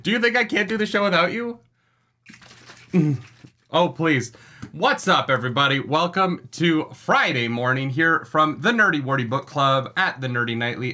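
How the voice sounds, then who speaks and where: A man's voice: a little high, lively intonation, moderate pace, sharp tone. A man co-hosting a casual book club show, teasing his wife and laughing as he talks. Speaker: podcast co-host. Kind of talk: casual banter.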